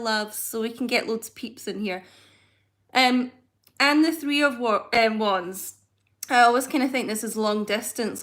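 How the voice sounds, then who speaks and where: Chatty tarot reader lady on a live stream, kinda high voice, rambles and trips over her words. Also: fairly bright tone.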